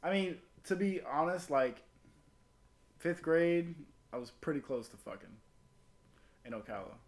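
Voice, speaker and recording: A man's voice: a little high, lively intonation, a little slow. A man telling a long crude story in casual podcast chat, rambling and full of profanity.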